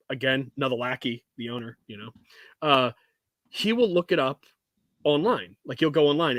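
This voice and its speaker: A man's voice: on the high side, no echo. Blunt foul-mouthed man, dry sound. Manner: blunt, profane, vocal. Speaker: co-host. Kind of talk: casual podcast chat.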